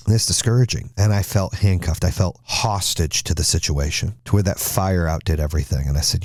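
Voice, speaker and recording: Deep-voiced man giving an emphatic pep talk. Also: quick pace, hardly any pauses, darkish tone, no echo, studio quality. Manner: emphatic and exhorting, with punchy repeated phrases. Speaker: podcast host and motivational speaker. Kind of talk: motivational monologue.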